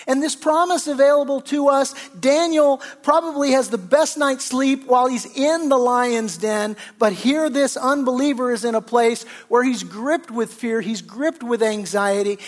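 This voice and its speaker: A male pastor preaching a sermon in an earnest, conversational way, often restarting his sentences. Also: very high voice.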